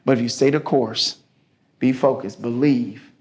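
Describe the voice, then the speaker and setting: A man's voice: mid-range voice, steady tone, a little slow, husky. A man giving a folksy, preacherly motivational talk with stories at a business mixer. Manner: folksy, preacherly, acts out story voices.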